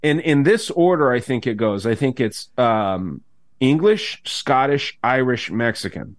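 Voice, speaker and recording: A man's voice: medium pitch, expressive, unhurried, no echo, studio quality. Rambling, profane man hosting a podcast. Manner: rambling, profane, many fillers and restarts. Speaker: podcast host. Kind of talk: casual chat.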